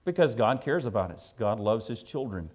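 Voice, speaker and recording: Speaking to his congregation, a man delivers a sermon built around a personal story, told in a folksy, conversational style. He swings between emphatic, loud declarations and quiet, low asides, staying very animated at a moderate pace.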